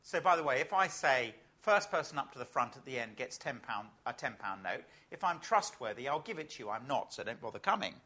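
A man's voice: medium pitch, very animated, a little fast, few pauses, sharp tone. A man, an Anglican clergyman, preaching a sermon full of stories and rhetorical questions.

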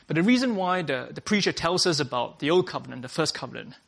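A man's voice: fairly high pitch, lively intonation, fast, gravelly, a bit bright, faint music behind. A man preaching a sermon to a workplace gathering, earnest, often starting lines with "uh" and restating his points.

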